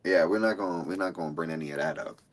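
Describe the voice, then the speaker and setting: A man's voice: low-pitched, quick pace, over a noisy crowd, rough recording. A man co-hosting a casual chat, playful and emotional as he tells stories. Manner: playful, emotional, animated storytelling. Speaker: co-host.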